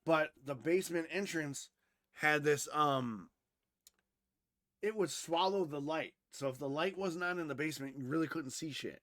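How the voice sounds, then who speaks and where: Male podcast co-host, high voice, dry close mic, animated storyteller who swears and laughs a lot. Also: normal speed, no room sound. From Wisconsin, USA. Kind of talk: casual storytelling chat.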